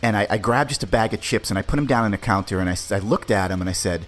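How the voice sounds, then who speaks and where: A man's voice: lowish voice, rapid-fire, hardly any pauses, faint music behind. A man hosting a podcast, telling a personal story in a laid-back, profane, conversational way. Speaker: podcast host. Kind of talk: casual storytelling.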